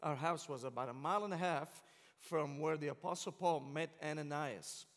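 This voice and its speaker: High-voiced Syrian preacher in a reverberant hall. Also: male voice, moderate pace. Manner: passionate, joking storyteller. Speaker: guest preacher. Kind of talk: sermon. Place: large church sanctuary. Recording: long church reverb.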